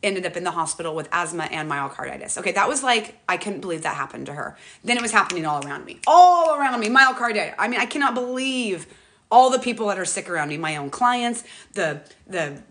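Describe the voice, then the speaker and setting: A middle-aged woman hosting a casual livestream on a tablet, talking quickly and jumping from one thought to the next. Her voice is bright and forward, and she gets emotional and animated as she restarts her sentences. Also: lowish voice. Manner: fast, rambling, restarts often. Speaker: livestream host. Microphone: tablet mic, close.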